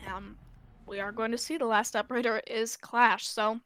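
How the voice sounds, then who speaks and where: A woman gives relaxed analysis as co-caster of an amateur esports match, leaning on fillers as she talks. Her voice sits a little high and comes across clear and smooth. It is recorded close and dry. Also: normal speed, dry recording. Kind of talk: casual game commentary.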